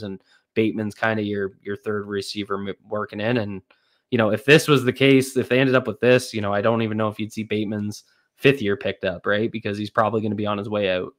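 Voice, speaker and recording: A man with a Canadian accent, a guest analyst in casual sports chat, relaxed and hedging with many fillers. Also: on the low side.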